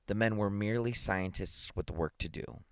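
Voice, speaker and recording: A man reading a science fiction story aloud in a measured, dramatic way. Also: fairly low pitch, smooth, dry recording. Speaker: reader.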